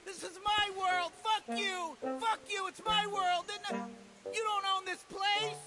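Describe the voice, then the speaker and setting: A squealing, unhinged tree dweller shrieks at intruders in an extremely high, strained voice and swears at every turn. It comes through as game audio with a loud soundtrack playing behind. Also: male voice, fairly even intonation, a little slow, over music. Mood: furious. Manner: screams possessively, swearing constantly. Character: shrieking territorial tree-dwelling man, furious. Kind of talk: comedy video game voice acting.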